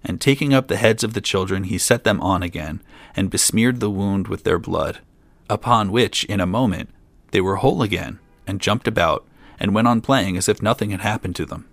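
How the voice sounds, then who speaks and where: A man's voice: on the low side, moderate pace, gravelly, dry recording. A man reading an old fairy tale aloud, with dry asides of his own. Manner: reads plainly, drops in dry asides. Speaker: storyteller.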